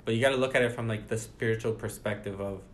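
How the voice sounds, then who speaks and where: A man's voice: on the low side, steady tone, quick pace, a little hiss or hum. A man leading a casual Bible study, reading passages aloud and then explaining them in his own words. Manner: reads scripture aloud then explains it conversationally.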